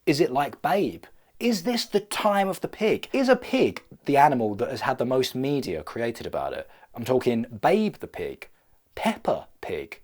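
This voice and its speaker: A man's voice: mid-range voice, very animated, moderate pace, a little mellow. Playful, rambling young man. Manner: playful, rambling and self-mocking. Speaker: vlogger. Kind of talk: comedic vlog rambling.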